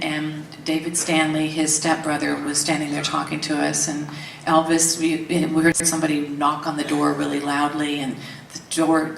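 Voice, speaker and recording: A woman's voice: low voice, creaky, distant mic, a little hiss or hum. An older woman, telling stories candidly in an interview and acting out the voices she quotes. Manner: animated storytelling, acts out quoted voices, laughs often. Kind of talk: candid storytelling. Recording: roomy echo from off mic, faint ambience.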